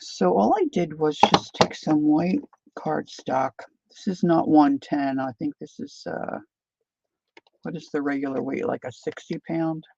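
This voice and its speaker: Chatty woman, gravelly voice. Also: deep voice, steady tone, a little slow, mellow, dry recording. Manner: chatty, rambling, talks while eating and working. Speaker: craft channel host. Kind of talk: casual live-stream chat while crafting. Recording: dull lo-fi stream audio.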